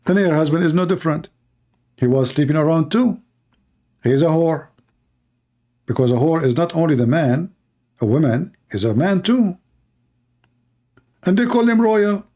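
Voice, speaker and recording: Animated and warm-toned, a Middle Eastern man hosting a livestream speaks at normal speed with a slightly high voice, pausing often. His commentary is mocking, delivered in blunt broken English with a Middle Eastern accent.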